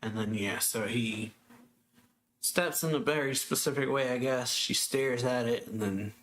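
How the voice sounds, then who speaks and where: A man hosting a manga reaction channel speaks in a mid-range voice at a slightly slow pace. He casually retells a chapter in a rambling way, packed with fillers and soft little laughs.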